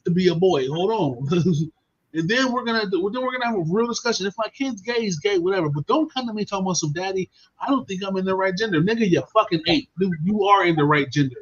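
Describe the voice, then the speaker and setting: A man hosting a podcast, telling stories in a casual, animated and profane way. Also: high-pitched, quick pace, slightly rough. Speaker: podcast host. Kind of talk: casual storytelling chat. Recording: dull lo-fi stream audio.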